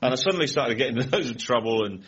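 A man's voice: medium pitch, animated, racing, fairly bright tone, slightly rough. A middle-aged man, a chat-show guest, telling rambling anecdotes and laughing often. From England. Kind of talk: casual chat-show interview. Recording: dull lo-fi recording.

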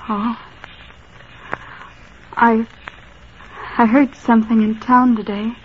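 An actress playing a shy young woman who minds a small-town gas station, talking gently and earnestly, in old-time radio acting on a dull old broadcast recording. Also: fairly high pitch, little pitch movement, slow, slight background noise. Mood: gentle.

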